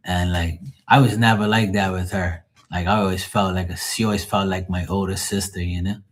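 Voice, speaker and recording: A man's voice: low voice, steady tone, a little fast. A man hosting a late-night live tarot stream, telling stories in a rambling, profane way and laughing at them. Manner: laughs often at his own stories. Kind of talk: late-night livestream storytelling.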